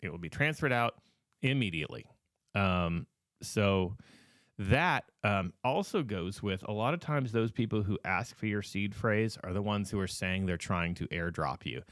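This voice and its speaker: A podcast host, a man with a lowish voice that is wearing thin as he loses it. He talks casually and with emphasis, repeats his warnings and fills pauses with ums. The sound is dry and close to the mic. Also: expressive, a bit bright, no echo. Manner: repetitive, emphatic warnings with many fillers. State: losing his voice. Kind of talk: casual advice talk.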